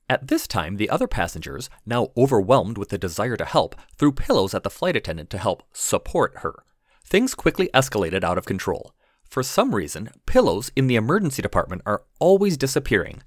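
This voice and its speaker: A low-voiced man, an emergency physician, narrates a scripted comic story in a wry, deadpan way. His pitch moves a lot as he tells it. The recording is close and dry. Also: no room sound. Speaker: podcast host and ER physician.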